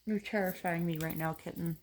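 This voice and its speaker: A woman's voice: lowish voice, fairly even intonation, fairly quick, darkish tone, a little hiss or hum. A woman chatting casually while doing her makeup at home, rambling with lots of ums and self-corrections. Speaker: makeup vlogger. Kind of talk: casual get-ready-with-me chat. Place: home, on a couch.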